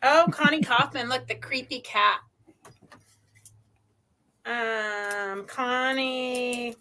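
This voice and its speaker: High bright-voiced chatty woman host. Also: very slow. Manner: chatty, rambling with many ums. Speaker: host of a live sewing show. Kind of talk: casual live-stream chat.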